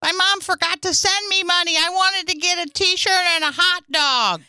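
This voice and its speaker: A whiny little schoolboy complains about his packed lunch and tattles on classmates, as a woman puts him on for a comedy bit. The voice sits high and sounds bright. The recording is dry and close. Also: moderate pace, dry recording, heavily acted. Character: whiny young schoolboy on a field trip.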